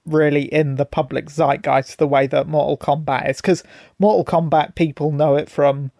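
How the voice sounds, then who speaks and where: A man's voice: a little high, steady tone, moderate pace, vocal fry, mellow, no echo, clean studio sound. A man co-hosting a podcast, chatting casually and sarcastically, swearing as he goes. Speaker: podcast co-host. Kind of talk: casual chat.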